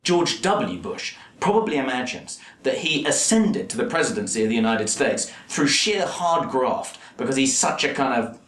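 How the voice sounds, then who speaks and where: A man's voice: medium pitch, very animated, moderate pace, hardly any pauses, a bit bright. A man giving sardonic, emphatic commentary in a documentary interview, with stumbling repeats. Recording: echoey room, faint noise.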